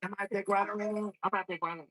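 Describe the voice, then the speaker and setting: Loud blunt male stream co-host. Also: high voice, level tone, quick pace, poor audio. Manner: loud, blunt, profane banter. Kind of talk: casual reaction stream chat.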